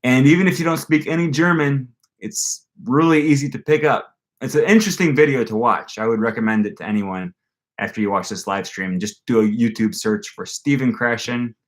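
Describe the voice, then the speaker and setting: A young adult man hosts a casual live stream for his language-learning channel, speaking fairly quickly in a mid-range voice. He rambles with plenty of fillers and restarts and reads viewer comments aloud.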